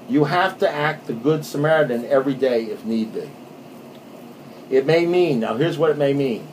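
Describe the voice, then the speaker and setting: A man's voice: medium pitch, expressive, a little fast, a little mellow, low-quality recording. A man speaking to a group in an easygoing, rambling storytelling style, his voice sitting in an ordinary middle range. He keeps checking in with his listeners and repeats phrases for emphasis. A faint hiss of noise sits under the recording. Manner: conversational, rambling, frequent "you know what I mean"; reads book passages aloud with repetition. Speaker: speaker sharing recovery experience. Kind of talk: storytelling talk to an audience.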